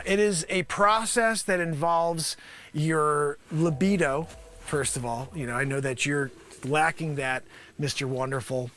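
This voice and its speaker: A man hosting a live improv comedy show, pitching a made-up product in a wisecracking, animated way that swings between loud and soft.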